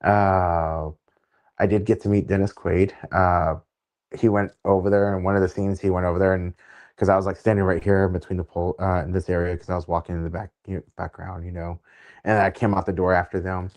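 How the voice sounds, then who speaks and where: A man hosting a casual streamed interview, relaxed and rambling, laughing often as he talks. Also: low voice, fairly quick. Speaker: interview host. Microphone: remote stream call.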